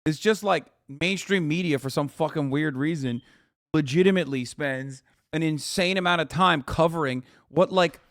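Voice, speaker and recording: A man's voice: on the high side, normal speed, a bit bright, dry recording, studio quality. Sarcastic, profane man ranting. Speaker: political livestream host. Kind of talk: live-stream news reaction.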